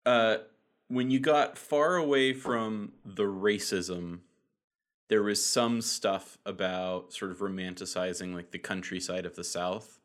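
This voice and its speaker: A man's voice: on the low side, steady tone, unhurried, a bit bright. A man from the American South co-hosting a casual podcast, blunt and opinionated. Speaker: podcast co-host. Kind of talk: casual chat.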